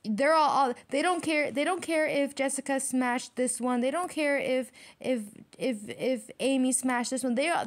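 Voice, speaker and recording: A young adult woman giving a casual tarot reading in a blunt, slangy way, often breaking into laughter. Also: sits high. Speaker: tarot reader.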